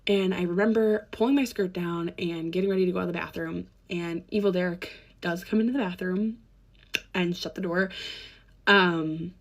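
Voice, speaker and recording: A young woman speaks straight into her phone camera, telling a personal story in a candid, sarcastic way and laughing even when it gets heavy. Her voice sits at an ordinary middle pitch. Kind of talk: casual storytime vlog.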